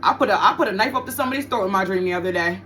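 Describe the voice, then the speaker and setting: A woman's voice: medium pitch, lively intonation, very fast, bright, forceful tone, a little hiss or hum. A woman giving a casual tarot reading to her viewers, blunt and profane, often repeating her points for emphasis. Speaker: tarot reader.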